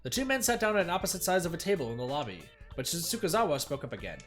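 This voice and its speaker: A streamer reads a story game aloud and breaks off for chatty, self-mocking remarks. The pitch is lively and varied. Faint guitar music plays in the background. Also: fast, few pauses. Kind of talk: reading a visual novel aloud with commentary.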